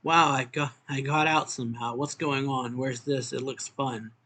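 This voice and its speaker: A man's voice: mid-range voice, fairly even intonation, moderate pace, pushed and bright, slight background noise. A man reading as an eager, pestering boy. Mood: excited. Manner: pleading, repetitive calling. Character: demanding boy who shouts awake his friend.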